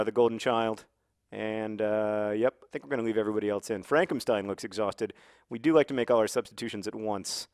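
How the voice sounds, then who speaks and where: A man casually commenting on his football video game in a rambling, jokey way, breaking into excited shouts. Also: mid-range voice, slight background noise. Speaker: gaming video host.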